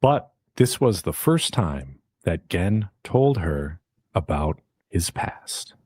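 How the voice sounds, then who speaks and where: Animated man recapping an anime. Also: sits low, slow, slightly rough. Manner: animated retelling, acting out characters' lines; swears casually. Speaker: podcast host recapping an episode. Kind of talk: casual recap chat.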